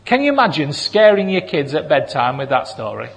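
A man preaching a sermon, animated and acting out voices of people in the stories he tells. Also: on the high side, normal speed, hardly any pauses. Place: church hall. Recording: long reverb of a large hall.

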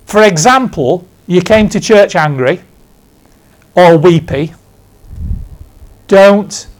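A man in his sixties from England, preaching a conversational sermon in church, telling stories with emphatic asides. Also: on the high side. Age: 60s. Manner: storytelling, emphatic, self-deprecating asides.

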